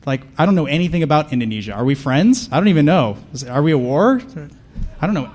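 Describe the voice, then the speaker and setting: A man giving a comedic conference talk, deadpan and sarcastic, bantering with the audience from the stage. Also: on the high side, fast. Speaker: conference speaker.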